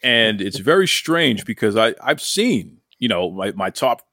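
A man with a fairly low voice hosts an interview show, asking his questions with playful enthusiasm. The sound is dry and close, with no room echo, and he teases his guest in a friendly, upbeat way. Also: very animated, unhurried, bright, forceful tone. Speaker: podcast host. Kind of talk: podcast interview.

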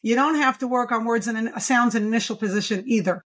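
Brief: woman, pediatric speech therapist guest, eager and emphatic, voice sits a little high. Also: fast talker, a bit bright. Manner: enthusiastic, emphatic, explains with rhetorical questions. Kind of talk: podcast interview.

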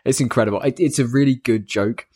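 A man co-hosting a podcast in casual chat, relaxed and enthusiastic as he recaps scenes. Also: medium pitch, quick pace, slightly rough. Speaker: podcast co-host.

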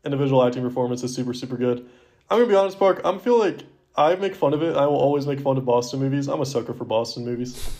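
A man's voice: medium pitch, racing, darkish tone. Young guy cohosting a movie podcast, medium voice, upbeat, teases his buddy and runs the segment. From Asheville area. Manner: upbeat, teasing, leads the segment. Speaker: podcast co-host. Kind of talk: casual movie podcast chat.

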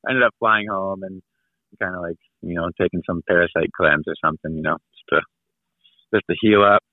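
His voice sits low with fairly even intonation, and he talks fairly quickly on a dry, tinny phone line. The man, a guest in his thirties, spins a long, rambling travel tale, laughing and imitating the characters.

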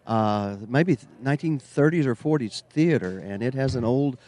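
Lively, mellow-voiced man hosting. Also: medium pitch, normal speed. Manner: chatty, enthusiastic, many fillers. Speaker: broadcast host. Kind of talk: casual live broadcast chat. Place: old theater.

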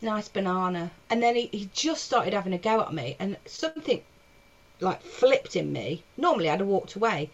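A woman's voice: mid-range voice, normal speed, dull audio. A woman, a stand-up comedian, telling a story animatedly on a podcast from her back bedroom, with lots of swearing. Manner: animated, acts out quotes, swears freely. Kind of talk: casual storytelling chat.

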